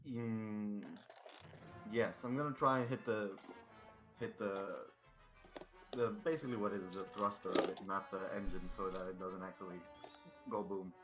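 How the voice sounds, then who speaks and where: A man playing a tabletop game, excitable and quick to swear. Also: on the low side, over music. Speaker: player. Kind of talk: casual tabletop play.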